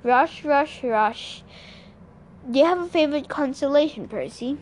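An easygoing male god in a read-aloud storybook chats in a breezy, unbothered manner, as a woman reader puts him on. The voice stays high, with a faint hiss of noise underneath. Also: measured pace. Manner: relaxed, breezy. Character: calm, easygoing male god disguised as a jogger.

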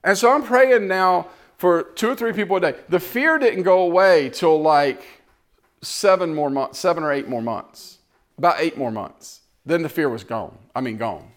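This preacher's voice is on the high side and moves at a normal speed as he tells his sermon as a story. He animatedly performs the dialogue, taking on each character's quoted words.

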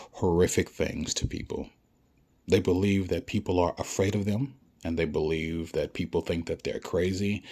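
A man's voice: deep voice, a little mellow. A man giving a blunt, profane ranting monologue, lecturing the listener and repeating himself for emphasis. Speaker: vlogger.

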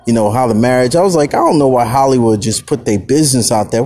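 A man hosting his own podcast, telling stories in a casual solo monologue, swinging between low mutters and heated outbursts. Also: expressive, fast talker, few pauses, warm tone, a little hiss or hum. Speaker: podcast host.

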